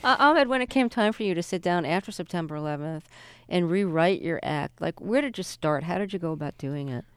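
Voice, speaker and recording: A woman hosting a radio interview, reading a measured introduction and asking calm questions. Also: on the low side, clean tone, dry recording.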